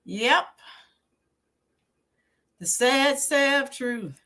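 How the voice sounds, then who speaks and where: Slow-talking bright-voiced woman host. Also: a little high, lively intonation. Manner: chatty, reminiscing, answers viewers by name. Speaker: YouTube channel host and teacher. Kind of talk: casual live-stream chat.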